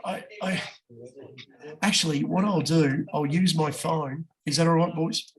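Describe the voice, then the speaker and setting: Aussie bloke, fairly high voice, casual sweary punting chat with a co-host. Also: male voice, steady tone. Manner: blokey, swears freely, talks fast with quick jumps in pitch. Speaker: podcast co-host giving racing tips.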